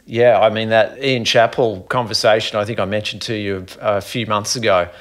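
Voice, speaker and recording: A middle-aged Australian man with a fairly low voice, hosting a podcast interview. He keeps the chat friendly and matey, speaking to his guest like an old friend. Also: fairly even intonation, normal speed. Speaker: podcast host. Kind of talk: casual chat.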